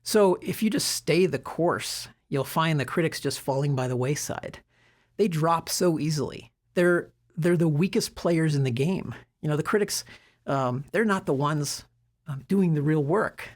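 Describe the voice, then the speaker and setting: Husky man giving casual advice. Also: a little high, unhurried. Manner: relaxed, conversational, frequent fillers and restarts. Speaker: self-development speaker. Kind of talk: casual talk to camera.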